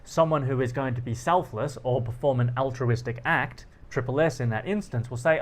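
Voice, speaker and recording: A man of average pitch hosts a philosophy talk, walking through ideas with everyday examples from his own life. He is animated and laughs easily, often slipping into acted-out snippets of dialogue. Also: moderate pace, hardly any pauses. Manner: animated, laughs often, acts out quoted lines. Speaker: philosophy channel host. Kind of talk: explanatory monologue with personal anecdotes.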